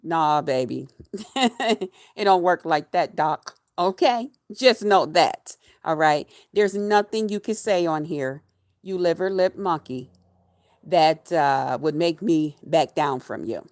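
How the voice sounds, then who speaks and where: A woman's voice: low-pitched, expressive, slow, darkish tone, no room sound, clean studio sound. A woman livestreaming a mocking rant at her viewers, taunting and emphatic, laughing between jabs and repeating her phrases.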